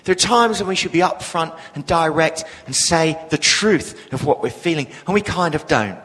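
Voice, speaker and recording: A man's voice: on the high side, animated, moderate pace, a bit bright, slightly rough, long reverb tail, poor audio. A man, preaching a sermon with humorous storytelling. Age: 40s.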